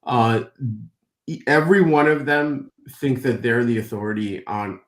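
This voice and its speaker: A man's voice: mid-range voice, unhurried. Male co-host talking things through at length, full of fillers, in an echoey room. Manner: rambling, many fillers and restarts. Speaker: co-host, company founder. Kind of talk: explaining at length.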